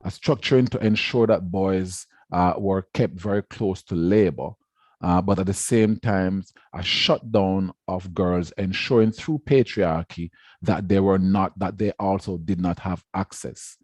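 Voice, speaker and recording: A man's voice: deep voice, fairly even intonation, a little slow, darkish tone, no room sound. A man giving a formal lecture on education, speaking emphatically and repeating words to stress his points. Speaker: education researcher giving a talk.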